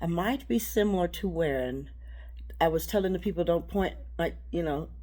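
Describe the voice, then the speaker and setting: Woman, low-pitched, rambling spiritual talk; halting, repetitive, shifts between hushed and loud. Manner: halting, repeats words.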